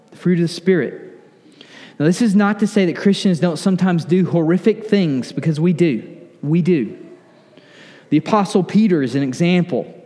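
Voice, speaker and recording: A pastor delivering an earnest sermon, slowing down for emphasis and sometimes dropping to a near-whisper. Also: male voice, a little high, mellow. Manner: earnest preaching, slows for emphasis, drops to near-whisper on lists. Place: church sanctuary. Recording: long church hall reverb.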